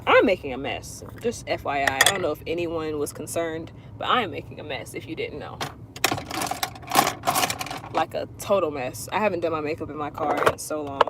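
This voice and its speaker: A woman astrology reader chatting casually on a livestream from inside her car, blunt and profane, telling things with animated emphasis. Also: sits low, normal speed, very noisy.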